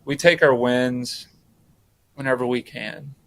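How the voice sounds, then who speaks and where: A man who coaches high school basketball, answering interview questions in a halting way, often repeating words. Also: fairly even intonation.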